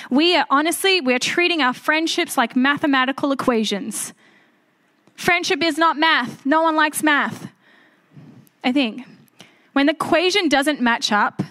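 High-voiced woman preaching a conversational sermon. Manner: animated, conversational preaching with self-deprecating asides. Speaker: pastor.

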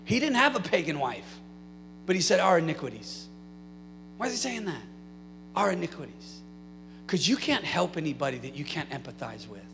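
A man's voice: a little high, big pitch swings, normal speed, creaky, pauses often. A man preaching a sermon to a congregation, with rhetorical questions and passionate prayer. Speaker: pastor. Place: church sanctuary. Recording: hall reverb, faint mains hum.

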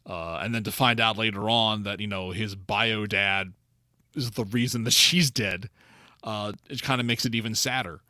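A man's voice: lowish voice, fairly even intonation, normal speed, sharp tone, no room sound, studio quality. A man co-hosting a podcast in casual chat, often repeating words and restarting his sentences. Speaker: podcast co-host.

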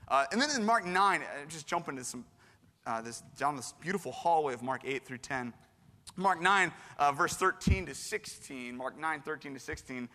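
Man, preacher, casual sermon, fairly high voice, slangy, echoing church hall. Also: normal speed. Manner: animated, casual, slangy, with frequent restarts. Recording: long hall reverb.

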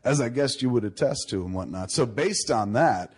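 A man's voice: medium pitch, expressive, moderate pace, slightly rough. A man hosting a casual chat, telling long rambling stories and swearing freely. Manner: rambling, profane storytelling. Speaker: podcast host.

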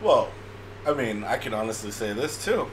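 A man's voice: medium pitch, big pitch swings, normal speed, a little hiss or hum. A man in casual chat who rambles enthusiastically and laughs easily.

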